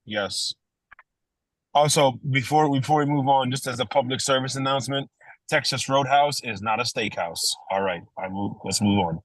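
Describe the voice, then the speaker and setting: Playful, emphatic male podcast co-host, mid pitch, dry close sound. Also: moderate pace, no room sound, rough recording. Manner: emphatic and playful, repeats words for effect. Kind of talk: casual sports chat.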